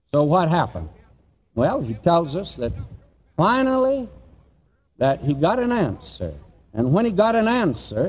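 A man's voice: on the high side, a little mellow. A man preaching a sermon, reading scripture aloud in an old-fashioned cadence and asking the listeners questions. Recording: dull lo-fi recording in a reverberant hall.

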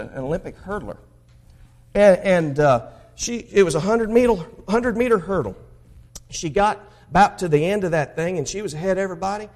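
Southern preacher guy from mississippi, high voice, gets loud then drops way down, storytelling sermon. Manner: impassioned storytelling preaching, swinging from loud exclamations to hushed asides.

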